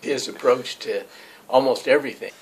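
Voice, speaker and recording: A man recalls the past in casual, hesitant speech with frequent pauses. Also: medium pitch, rough recording. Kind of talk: casual recollection.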